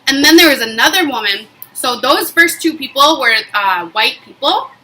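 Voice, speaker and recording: On a roughly recorded vlog, a young woman talks at a moderate pace in a high-pitched voice. She relates a personal story casually, emphatically and animatedly, leaning on frequent fillers.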